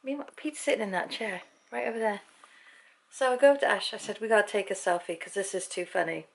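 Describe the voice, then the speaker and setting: A woman's voice: mid-range voice, quick pace, gravelly, a little hiss or hum. A British woman telling a story at home in a casual vlog, chatty and laughing often as she acts out what people said. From Britain. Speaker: vlogger.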